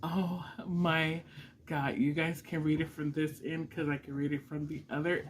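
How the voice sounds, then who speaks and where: A woman's voice: deep voice, a little slow, a little hiss or hum, poor audio. A middle-aged woman vlogging an unboxing at home, gushing and emotional with frequent exclamations. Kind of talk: casual unboxing vlog.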